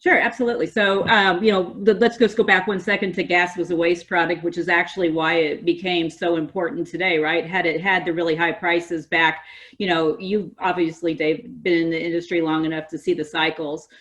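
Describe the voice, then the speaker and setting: A woman's voice: fairly low pitch, little pitch movement, brisk, fairly bright tone. Upbeat woman guest on a podcast. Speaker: podcast guest, association representative. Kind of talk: casual podcast interview.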